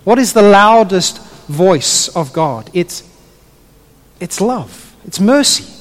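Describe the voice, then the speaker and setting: A man preaching a sermon to a congregation. He is animated and drops his voice low when he retells a story. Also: slow pace, in a large hall. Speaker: pastor.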